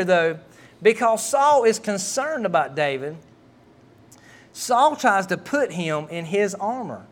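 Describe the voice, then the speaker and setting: A man's voice: fairly high pitch, a little hiss or hum. A middle-aged man, preaching a sermon and telling a personal story in a folksy way. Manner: folksy storytelling, acts out quoted dialogue. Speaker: pastor.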